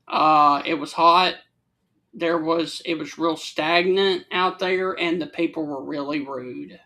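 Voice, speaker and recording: A high, gravelly voice belonging to a man from Alabama with a Southern accent. He co-hosts a relaxed talk show and tells his stories slowly. His delivery is drawn out and easygoing. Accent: Southern American. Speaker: co-host. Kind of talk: casual chat.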